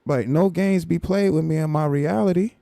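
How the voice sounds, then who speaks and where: On a live stream, a man with a gravelly, mellow, slightly high voice reacts at a normal pace, repeating himself in exasperated disbelief. It's casual reaction commentary. The recording is dry and close-miked, with no room sound at all.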